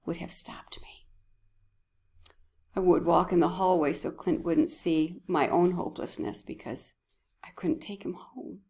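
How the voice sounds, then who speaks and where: Slow, soft-spoken woman giving a devotional. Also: medium pitch. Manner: emotional, often dropping to a whisper. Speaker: church speaker. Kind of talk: heartfelt devotional talk.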